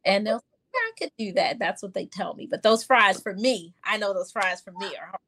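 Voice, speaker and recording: A middle-aged woman pediatrician in a casual podcast interview, chatty and quick to laugh, often acting out her talks with patients. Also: mid-range voice, steady tone, a bit bright, husky. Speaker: pediatrician guest.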